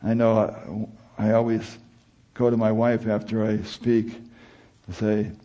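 A man's voice: fairly low pitch, completely flat delivery, measured pace, warm tone, muffled recording. A middle-aged man preaching a sermon in a conversational way that climbs to emphatic peaks.

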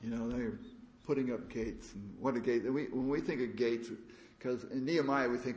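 A man giving a conference sermon, telling stories in a halting, earnest way with many restarts. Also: mid-range voice, fairly even intonation, a little mellow. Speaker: preacher. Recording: echoey room.

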